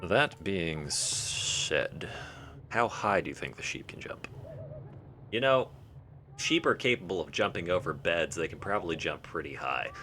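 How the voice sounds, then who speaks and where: A man's voice: low-pitched, lively intonation, measured pace, bright, forceful tone, slight background noise. A man live-streaming a game, joking and thinking aloud as he answers chat. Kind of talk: casual live-stream chat while playing.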